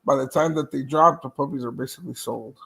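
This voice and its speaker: A man's voice: medium pitch, quick pace, creaky, pushed and bright. A man, a dog breeder, talking casually about his dogs and litters, laughing easily and trailing off mid-sentence. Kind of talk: casual chat.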